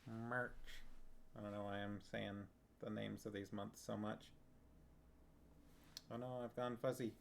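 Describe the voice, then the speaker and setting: A man's voice: on the low side, flat delivery, measured pace, vocal fry, pauses often, a little hiss or hum. A man streaming live, chatting casually and rambling as he reacts to messages from his viewers. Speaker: streamer reading a book with viewers.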